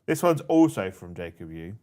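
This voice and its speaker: A man's voice: low voice, big pitch swings, moderate pace, a little mellow. A man from England co-hosting a casual livestream, reading super chats aloud in a jokey, playful way. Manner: jokey, playful, tries silly accents.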